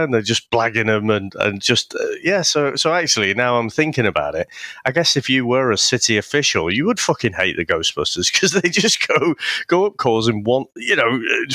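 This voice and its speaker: A man's voice: medium pitch, big pitch swings, fairly quick, sharp tone, no echo, clean studio sound. A man from England co-hosting a podcast, chatting casually, swearing freely and laughing often. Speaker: podcast co-host. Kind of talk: casual chat.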